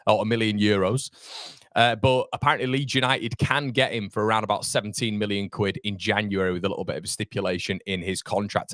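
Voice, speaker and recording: Young guy rambling on a live fan stream, bit concussed and fuzzy, lowish voice, dry close sound. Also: a bit bright, dry recording. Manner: chatty, rambling, reads out viewer comments. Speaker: fan channel host. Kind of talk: live-stream football chat.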